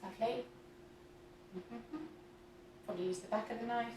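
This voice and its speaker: At normal speed and in a voice on the high side, a woman in her thirties chats and giggles through a home cooking livestream, reading viewer comments while she bakes indoors. The faraway camera mic captures a roomy kitchen and a noisy background.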